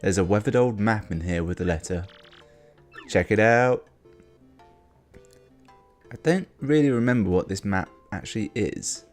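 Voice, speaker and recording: A man's voice: lowish voice, animated, fairly quick, few pauses, a little mellow, faint music behind. A man hosting a let's play, commenting casually with rambling, wry asides.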